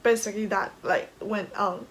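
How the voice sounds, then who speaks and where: A woman's voice: medium pitch, steady tone, moderate pace, slight background noise, poor audio. A young woman from China telling a personal story to the camera in a casual, emotional way, laughing often and filling with "like". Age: young adult. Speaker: vlogger.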